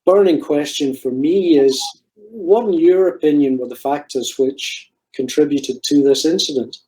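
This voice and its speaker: A man's voice: a little high, a little slow, mellow, low-quality recording. A man moderating at a conference, politely asking the speaker a question with a few fillers.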